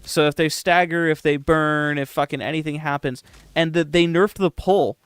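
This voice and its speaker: A young man hosts a live game stream, answering chat in a loose, rambling way that is full of swearing and dry sarcasm. His voice sits a bit high for a man and comes through smooth and clear. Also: steady tone, moderate pace, dry recording.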